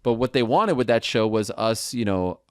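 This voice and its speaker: A man chatting as a podcast guest, animated and quick to act out what others said. His voice sits at a middle pitch and is recorded close and dry on a studio mic, with no room around it. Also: clear, resonant tone, no room sound. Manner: animated storyteller who acts out quotes. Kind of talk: casual chat.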